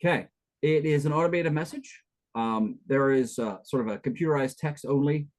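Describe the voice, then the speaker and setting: A man's voice: a little high, normal speed, darkish tone, rough recording. A man narrating as game master for a tabletop game, chatty and loose, full of fillers and asides.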